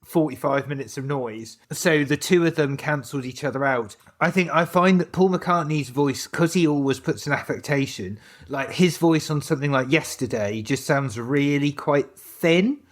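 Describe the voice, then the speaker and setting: Thoughtful man with a slightly high voice. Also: normal speed, hardly any pauses. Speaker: podcast co-host. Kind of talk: casual chat.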